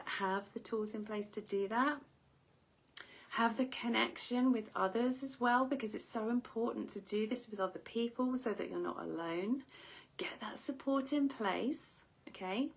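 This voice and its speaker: A woman wellness coach giving a slow, gentle motivational talk, often dropping into breathy half-whispers. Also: medium pitch, low-quality recording.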